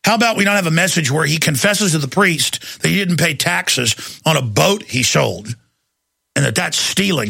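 A man's voice: a little high, animated, normal speed, vocal fry, pushed and bright, breathy edge, no echo. A man hosting a talk radio show, ranting in an indignant, sarcastic monologue from a studio.

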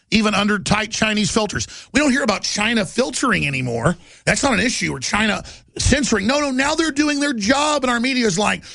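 A man with a raised, gravelly voice rants through a talk show monologue. He speaks fast and emphatically and sounds agitated throughout. The sound is close and dry, with no room echo. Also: sits high, sharp tone. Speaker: radio and TV talk show host.

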